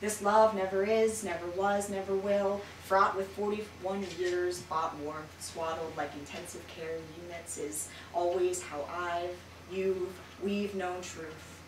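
Woman poet, expressive poetry reading, lowish voice, roomy far-off sound, background noise. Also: slow, few pauses. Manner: expressive reading with dramatic swings in loudness. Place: bookshop reading room.

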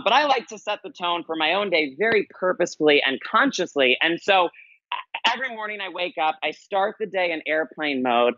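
Male podcast guest, life coach; earnest, emphatic storyteller with a bright, forceful voice. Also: fairly high pitch, no echo, highs cut off. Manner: earnest, emphatic, repeats key phrases. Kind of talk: conversational interview storytelling.

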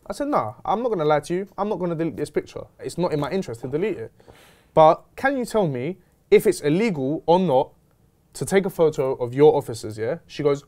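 A young man tells a story in a fast rush, his pitch sitting a little high and swinging widely. He is slangy and animated, acting out the other people in his story. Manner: animated, slangy, retelling with quoted dialogue. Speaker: host. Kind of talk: casual storytelling chat.

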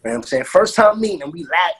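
A man from Brooklyn telling an animated, profane story in a casual interview and acting out what people said. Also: on the high side, very fast, breathy edge. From Brooklyn, New York. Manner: animated, profane street talk, acts out quotes. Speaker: interview guest, music producer.

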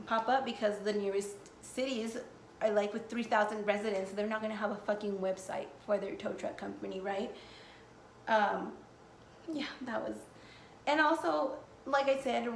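A young woman from the United States telling a storytime vlog in casual talk, full of swearing and "like". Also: fairly high pitch. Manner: casual, swears often, heavy use of "like". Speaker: vlogger. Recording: echoey room, faint noise.

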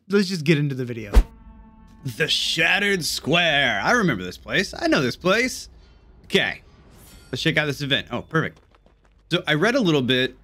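Excitable young male gamer, a bit high-voiced, joking and cursing through commentary. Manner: jokey, excitable, swears often. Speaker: gaming YouTuber. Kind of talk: casual gameplay commentary.

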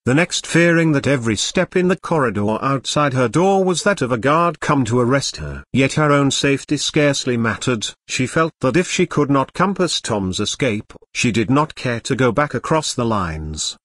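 Male synthetic audiobook narrator, mechanical and even, mid-pitched, dry. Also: normal speed, few pauses, no echo. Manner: even, mechanical reading with odd slips. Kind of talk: scripted narration.

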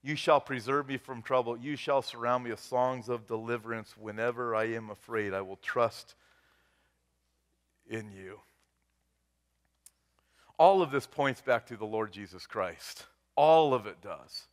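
A man preaches a sermon in a mid-pitched voice, speaking as a pastor to his congregation. He talks earnestly, building to loud, rising appeals and then sinking to soft, hushed lines. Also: measured pace, pauses often. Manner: earnest preaching that swells loud and drops to a hush.

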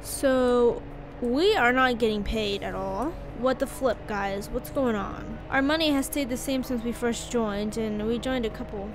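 A woman hosting a gaming channel, talking through gameplay in casual commentary, excitable and rambling, often breaking into exclamations. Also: a little high, measured pace, over music.

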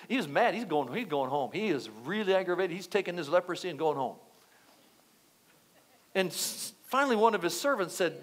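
A male pastor preaching a sermon, telling a story with lively acted-out quotes. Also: sits high, moderate pace. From United States. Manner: animated storytelling, acting out quotes.

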